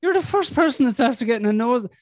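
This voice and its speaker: A man's voice: very high-pitched, lively intonation, fast, no echo. A man hosting a podcast, telling stories in a blunt, casual way with plenty of swearing. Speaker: podcast host. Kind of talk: casual conversation.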